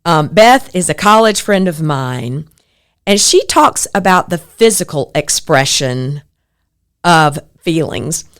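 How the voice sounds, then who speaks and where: A woman's voice: deep voice, slow, clear, resonant tone. A middle-aged woman hosts a podcast, talking in an earnest, reflective way. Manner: earnest, reflective, animated when quoting others. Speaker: podcast host. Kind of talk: personal podcast monologue.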